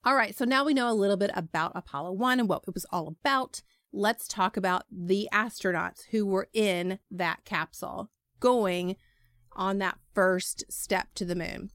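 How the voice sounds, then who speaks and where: A woman's voice: medium pitch, no echo, clean studio sound. A woman hosting a history podcast, telling the story in a casual, chatty way with filler words. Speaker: podcast host.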